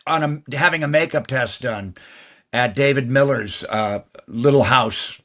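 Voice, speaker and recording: An older man, a guest actor, telling long stories in an interview, talking fast and restarting phrases as he goes. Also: medium pitch, fairly bright tone. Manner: fast, rambling talker who restarts mid-phrase. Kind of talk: anecdotal interview storytelling.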